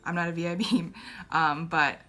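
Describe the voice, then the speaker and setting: A woman's voice: on the low side, level tone, moderate pace, a bit bright. A young woman chatting casually through a makeup review, hesitant, with many fillers and restarts. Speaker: beauty vlogger.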